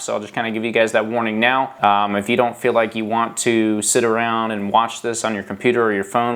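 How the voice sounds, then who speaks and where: A man's voice: mid-range voice, fairly bright tone. Guy hosting a bike podcast, rambly and chatty, keeps restarting sentences. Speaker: podcast host. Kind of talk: casual podcast chat.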